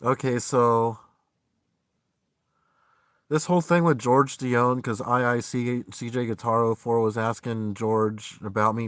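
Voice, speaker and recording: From inside a parked van, a man delivers a heated, profanity-filled live-stream rant, swinging between loud outbursts and weary, low muttering. His voice is clear and resonant with a bright, sharp edge, sitting close and dry on the mic with no echo.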